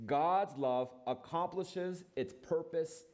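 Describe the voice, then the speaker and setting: A middle-aged male pastor preaching an earnest sermon, asking rhetorical questions and dropping his voice low when quoting scripture. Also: slow pace, a little mellow.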